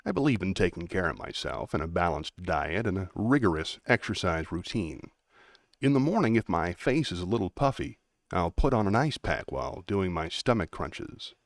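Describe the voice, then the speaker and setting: Brief: a man playing a cold, too-controlled young killer, flat and measured, a bit lower than his own voice. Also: no room sound, studio quality. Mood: cold, detached. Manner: flat, measured, trying too hard to sound normal.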